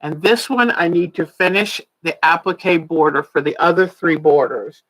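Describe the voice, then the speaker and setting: A woman's voice: on the low side, moderate pace, fairly bright tone, low-quality recording. A woman in her sixties, a quilting teacher on a casual livestream, chatty and laughing often, a little tired and yawning. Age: 60s.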